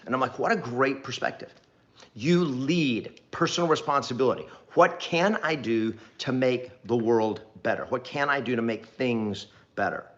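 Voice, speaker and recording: A middle-aged man talks straight to camera as a motivational real estate coach, with a voice of ordinary pitch. He is earnest and rambling and keeps repeating phrases to drive the point home. The recording sounds a little dull. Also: normal speed, a bit bright. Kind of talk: direct-to-camera motivational talk.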